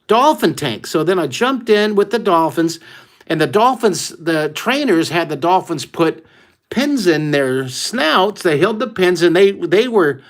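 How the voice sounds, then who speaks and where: A man's voice: high-pitched, very animated, unhurried. Exuberant American man teaching drawing. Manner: exuberant, exclamatory storyteller who whoops often. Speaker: art teacher hosting a live drawing class. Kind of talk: live online drawing lesson for kids.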